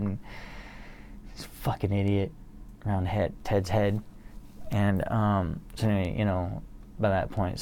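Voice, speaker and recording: Gravelly, profane man telling a rambling story. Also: low voice, a little mellow, a little hiss or hum. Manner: profane, rambling, laughs at his own story. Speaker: solo streamer or vlogger reading poems. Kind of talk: casual storytelling to an absent audience.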